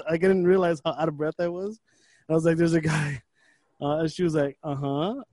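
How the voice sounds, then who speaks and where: A man's voice: fairly high pitch, fairly even intonation, fast, mellow, no room sound. A young man co-hosting a casual podcast, telling a story with lots of swearing and acting out his own breathlessness. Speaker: podcast co-host.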